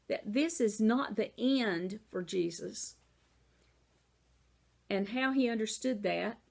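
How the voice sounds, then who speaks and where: A woman's voice: fairly high pitch, gravelly. A woman with a Southern American accent teaching a Bible lesson in a casual, conversational way, often saying "you know".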